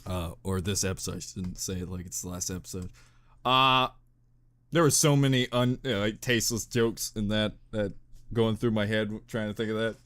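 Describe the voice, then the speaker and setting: A young man hosting a casual reaction video, talking in an animated, giggly way that swings from loud bursts down to mumbles. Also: lowish voice, normal speed.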